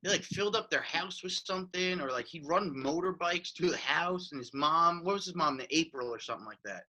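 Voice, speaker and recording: A man co-hosting a podcast in casual chat, rambling and excitable and swearing casually. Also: fairly high pitch, brisk, poor audio. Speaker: podcast co-host. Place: studio.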